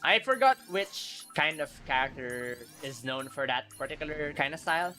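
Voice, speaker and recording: A man live-streaming a video game, chatting casually with viewers, excitable and quick to laugh. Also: fairly high pitch, faint music behind.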